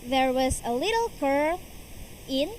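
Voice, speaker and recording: A young woman tells a fairy tale in a slow, carefully shaped storyteller's voice. Her pitch sits high and swings widely from phrase to phrase. Faint noise hums beneath her. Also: rough recording. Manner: slow, expressive storyteller's delivery. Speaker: storytelling contestant. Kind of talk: storytelling performance. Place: school competition hall.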